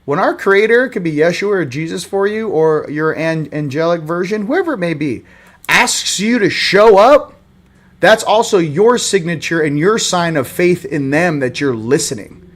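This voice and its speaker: A man hosting a spiritual livestream in casual chat, rambling and joking and swinging between loud bursts and quiet asides. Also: fairly high pitch, animated, normal speed.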